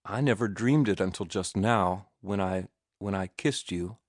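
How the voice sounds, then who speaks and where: A man voicing an ardent young man in love, speaking earnestly and gently in a low voice. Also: measured pace, dry recording, studio quality. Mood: ardent, tender. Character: ardent young sailor-turned-writer, passionate.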